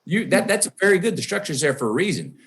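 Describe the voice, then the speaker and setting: A man's voice: high voice, very animated, fast talker, a bit bright, breathy edge. A man with a Texan accent, a podcast guest telling a personal story and acting out the voices he quotes.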